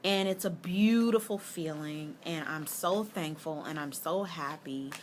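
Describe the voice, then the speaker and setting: A woman's voice: deep voice, unhurried. A woman life coach talking to viewers in a casual motivational vlog, encouraging and chatty, with faint noise in the background. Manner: warm, chatty and encouraging, addressing viewers directly.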